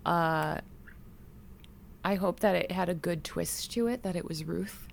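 A woman's voice: on the low side, a little slow, creaky, a little hiss or hum. A woman, co-hosting a true crime podcast in a casual, chatty way. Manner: chatty, laughs easily, mimics pronunciations. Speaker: podcast co-host telling a true crime case.

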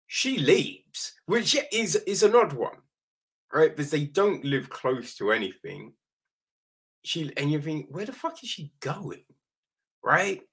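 A man's voice: on the high side, bright, forceful tone, breathy edge. A man recapping a horror film in a rambling, casual way, swearing now and then and often asking the listener "right?". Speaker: film reviewer.

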